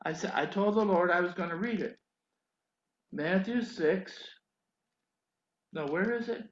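An older man preaching a sermon, telling a story in an animated way that rises to emphatic pleading. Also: sits high, a little slow, roomy sound, highs cut off.

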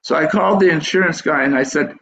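A man's voice: a little high, fast, gravelly, sharp tone, a little hiss or hum. An older man telling a dream story in a sermon, rambling and restarting his phrases. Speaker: preacher telling a dream testimony. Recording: dull echoey hall recording.

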